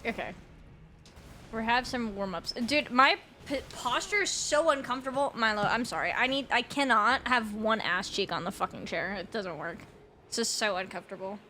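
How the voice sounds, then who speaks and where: A woman's voice: on the high side, lively intonation, normal speed, sharp tone, a little hiss or hum. A young adult woman streaming a game, chatting casually with her viewers in a rambling way, swearing often and laughing a lot.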